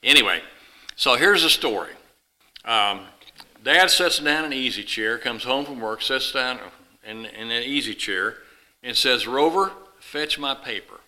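A man preaches to a congregation, telling a homespun story with plenty of restarts and asides. His voice is sharp and bright. His pitch sits mid-range for a man. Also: a little slow, rough recording. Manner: folksy, rambling, with restarts. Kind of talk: sermon with illustrative story.

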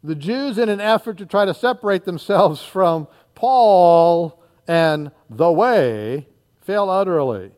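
Man, high voice, preacher, reads scripture aloud, animated, acts out the crowd, quiet asides. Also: slow. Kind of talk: expository sermon reading scripture.

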